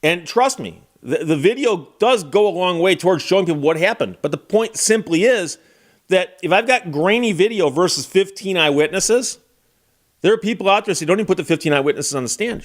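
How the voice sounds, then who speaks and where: A man giving casual, wry legal commentary and talking straight to the viewer in a conversational way. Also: on the high side.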